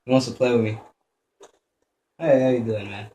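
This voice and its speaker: A man's voice: medium pitch, moderate pace, muffled recording. A young man giving profane, joking commentary while playing a video game and talking back at the enemies. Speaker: gameplay commentator. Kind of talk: let's play commentary. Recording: echoey room with steady noise.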